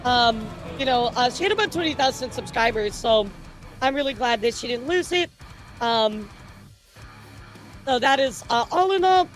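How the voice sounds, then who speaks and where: A woman's voice: on the high side, animated, normal speed, pauses often, soft background music. A woman hosting a casual livestream news show, chatty and teasing, often breaking into laughter. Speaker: streamer and news host.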